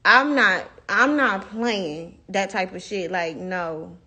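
A woman's voice: mid-range voice, slow pace, pushed and bright, slightly rough. A young woman ranting bluntly and profanely into her phone on a livestream. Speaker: livestream host. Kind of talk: heated casual livestream rant.

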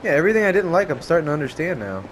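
A young man streams a casual let's-play, his voice a little high and very fast, with slight background noise and game music underneath. He swears freely and yelps or laughs excitably at what happens on screen.

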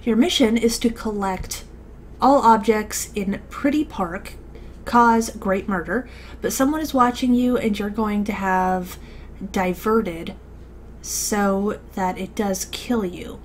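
A woman talks through a game she is playing, her speech unhurried and full of hesitations and restarts. She sounds like a channel host chatting casually to her viewers. A faint noise sits under the recording. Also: medium pitch. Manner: hesitant, rambling with many fillers and restarts. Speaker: let's play commentator. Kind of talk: casual gameplay commentary.

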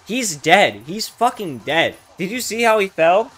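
Swearing freely, a young gaming streamer narrates his game in a casual way, alternating excited yelling with low grumbles. His delivery is unhurried and slightly rough.

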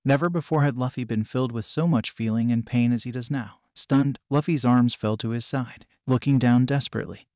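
A man narrating a fan fiction story in a steady, even reading style. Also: medium pitch, fairly quick, hardly any pauses, no room sound, clean studio sound.

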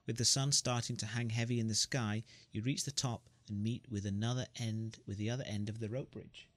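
A man's voice: fairly low pitch, fairly even intonation, fairly quick, no echo. Man reading a story game aloud. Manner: reads narration with joking asides. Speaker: gamer.

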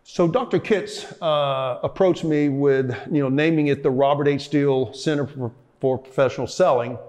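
A man's voice: medium pitch, fairly even intonation, normal speed, a little mellow. An older man in an interview, telling stories about his past in a rambling way, full of fillers and restarts. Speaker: interviewee, former football player. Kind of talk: reflective storytelling interview.

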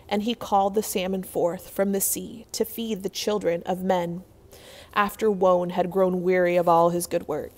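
A woman reading a folktale aloud in a measured, expressive storytelling manner. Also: mid-range voice. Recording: long hall reverb.

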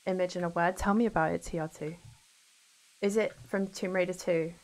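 A woman's voice: on the low side, steady tone, fairly quick, a little mellow. A young woman chatting casually to her viewers while playing a video game. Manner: chatty, talks to her chat between game moments. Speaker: streamer. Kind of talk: casual gameplay commentary.

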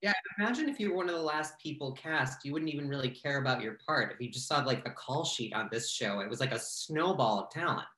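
A man moderates a panel with chatty, laid-back questions. His pitch moves around a lot, and the room echoes. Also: animated, fast, few pauses, bright, forceful tone. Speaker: interviewer. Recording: roomy echo.

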